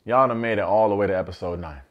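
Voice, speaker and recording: A man with a fairly low voice rattles through a reality-show recap, throwing in slang and wisecracks as he goes. His commentary is loose and animated. The recording sounds a little dull and lo-fi. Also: quick pace. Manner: animated, slangy, joking asides.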